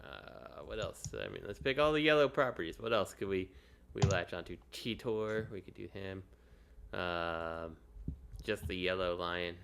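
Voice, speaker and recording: A man with a very deep, gravelly voice talks in laid-back podcast banter and drops short agreeing remarks. A faint hiss runs behind him. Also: lively intonation, a little slow, fairly bright tone. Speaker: podcast co-host.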